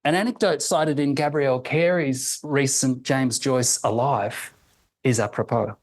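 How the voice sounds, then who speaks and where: A man reads a prepared academic lecture aloud at a middle pitch. His delivery is measured and deliberate. He slows down to sound out each example phrase carefully. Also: poor audio. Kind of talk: reading a prepared academic talk.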